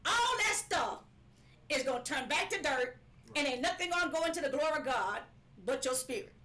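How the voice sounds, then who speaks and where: A woman's voice: high-pitched, lively intonation, a little fast, bright, forceful tone. A woman preaching a live-streamed sermon, emphatic and repetitive, sometimes breaking into laughing cries.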